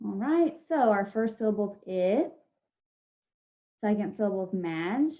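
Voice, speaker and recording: A woman teacher walks children through a spelling lesson online, sounding out syllables slowly and patiently. Her voice sits at a middle pitch. The video call audio is dull and lo-fi. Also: lively intonation, mellow.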